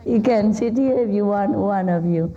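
A woman's voice: mid-range voice, moderate pace, dark tone. A woman speaker giving an informal spiritual talk to a live audience, joking and laughing often as she chats with the people around her. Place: indoor hall with a seated audience. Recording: dull lo-fi recording.

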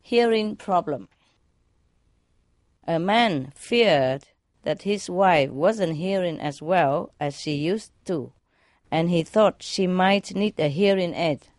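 A woman's voice: lowish voice, takes it slowly, a little mellow, no echo, clean studio sound. A woman reading jokes aloud in a casual way, laughing at her own punchlines. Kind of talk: casual joke telling.

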